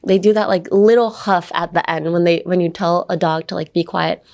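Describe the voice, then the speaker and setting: A young American-accented woman hosts a casual podcast English lesson, chatty and playful. She bounces between explanation and acted-out examples, with sudden jumps in pitch. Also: steady tone, a little fast, gravelly, darkish tone. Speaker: English teacher and voice actor.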